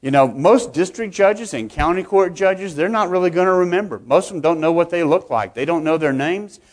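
A middle-aged municipal judge from Texas gives a conversational conference speech to fellow judges, often repeating and restarting words. His voice sits high with a darkish tone, and he talks fairly quickly.

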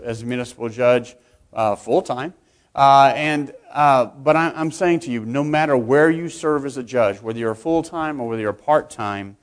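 A middle-aged man, a municipal judge, giving a conversational conference speech to fellow judges, often repeating and restarting words. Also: mid-range voice. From Texas.

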